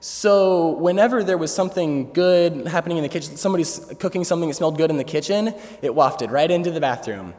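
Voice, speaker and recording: Young male student storyteller, slightly high voice, halting and filler-heavy, long hall reverb. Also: a little mellow. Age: young adult. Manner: hesitant, many fillers, laughs through the story. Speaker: student speaker. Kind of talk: storytelling speech to an audience. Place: large hall before an audience. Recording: echoey hall, faint ambience.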